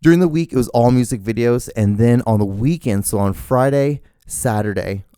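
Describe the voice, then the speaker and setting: A young man hosting his own show, telling rambling, animated stories with lots of fillers and casual swearing. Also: medium pitch, moderate pace, clear, resonant tone, no room sound, clean studio sound. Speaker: podcast host. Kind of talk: casual storytelling monologue.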